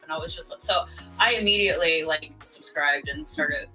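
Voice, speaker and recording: A mid-pitched, bright voice chats on a live stream panel. The speaker is eager and supportive and often restarts phrases with repeated words. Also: steady tone, brisk, faint music behind, poor audio. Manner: enthusiastic and supportive, repeats words when starting. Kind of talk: casual panel chat.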